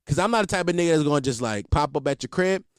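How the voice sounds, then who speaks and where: A man's voice: on the high side, animated, racing, clear, resonant tone, dry recording, studio quality. A young man telling comic stories in a loose, slangy way, laughing often and swearing freely. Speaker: comedian. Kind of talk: casual comedic storytelling.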